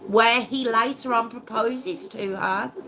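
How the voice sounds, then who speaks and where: A woman's voice: fairly high pitch, steady tone, takes it slowly, noisy background. A woman hosting a true crime story in a casual, emotional and indignant way, repeating phrases as she goes.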